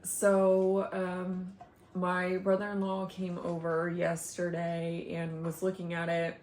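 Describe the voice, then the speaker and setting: A woman's voice: on the low side, monotone, slow pace, a little mellow, echoey room. A young woman, a stay-at-home mom, chatting casually at home in a rambling way, often laughing and sighing. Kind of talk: casual chat to camera. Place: home, indoors.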